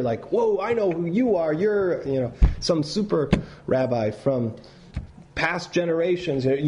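A man teaching a class, telling stories in a loose, animated way with many restarts and reading passages aloud. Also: mid-range voice, a little hiss or hum. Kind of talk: lecture with read-aloud passages.

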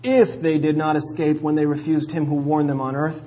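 Guy preaching, kinda husky, leans hard on the big words then drops low, muffled recording. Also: level tone, moderate pace, few pauses. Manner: emphatic, swings between loud stresses and low endings. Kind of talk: sermon.

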